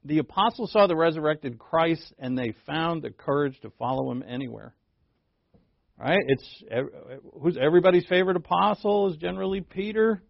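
A man preaches in a loose, chatty way, breaking off mid-sentence and tossing in playful asides. His voice sits a little high with a gravelly rasp. The sound is dry and somewhat muffled, with little room around it. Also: normal speed, dry recording. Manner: conversational, self-interrupting, playful asides. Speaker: pastor. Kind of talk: sermon.

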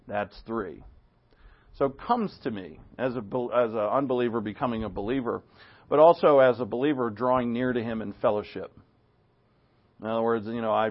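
Man, Bible teacher, conversational, rhetorical questions, muffled dull recording. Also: medium pitch. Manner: conversational, animated when quoting, rhetorical questions.

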